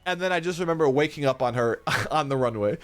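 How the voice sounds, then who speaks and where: A man's voice: mid-range voice, lively intonation, quick pace. A young man streaming live, telling a rambling, profane story and laughing a lot.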